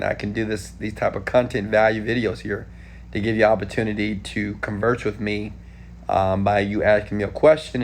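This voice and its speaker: A man in his thirties from Houston, Texas, answering viewer questions in a casual live stream, animated and talking straight to viewers. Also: lowish voice, a little hiss or hum. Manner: animated, talks straight to viewers with frequent "okay?".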